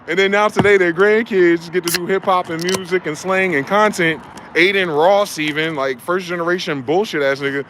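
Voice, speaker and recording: A man's voice: sits high, fairly even intonation, noisy background. Heated, profane man ranting in a car. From New Jersey. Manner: profane, heated, fast-talking. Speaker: vlogger. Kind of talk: ranting monologue.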